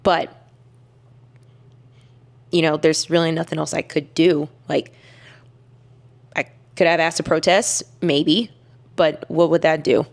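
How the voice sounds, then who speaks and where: Young woman vlogging, lowish voice, candid and emphatic, lots of restarts. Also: steady tone, takes it slowly, creaky, long pauses. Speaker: weightlifter vlogger. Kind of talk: casual storytelling to camera.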